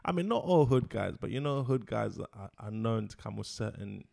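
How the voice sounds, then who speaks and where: A man's voice: on the low side, expressive, normal speed, vocal fry, a little mellow. A man hosting a podcast, teasing his guest and restarting his sentences. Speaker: podcast host. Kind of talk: casual interview chat.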